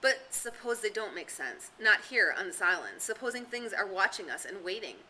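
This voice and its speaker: Earnest boy chief, anxious and urgent, a woman reading him, bright voice. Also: mid-range voice, very animated, moderate pace, a little hiss or hum, rough recording. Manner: urgent, cautious, pleading. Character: troubled young schoolboy chief, earnest.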